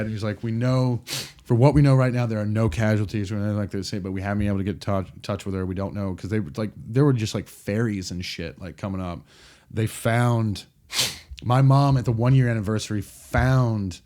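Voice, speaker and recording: A man in his thirties, a podcast guest, telling a personal story in casual chat, acting out quotes with frequent restarts. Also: fairly low pitch. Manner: animated, acts out quotes with restarts.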